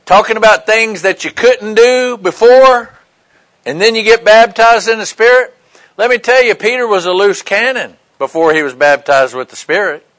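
Male preacher, a touch high in pitch, emphatic and conversational. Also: normal speed, a bit bright, poor audio. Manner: conversational preaching with frequent "right?" and "okay" check-ins. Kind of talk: sermon.

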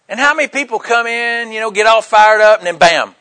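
Man, older, sermon, high voice, folksy, jokey asides. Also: lively intonation, brisk. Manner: folksy, joking, swings from loud bursts to quiet asides. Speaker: pastor.

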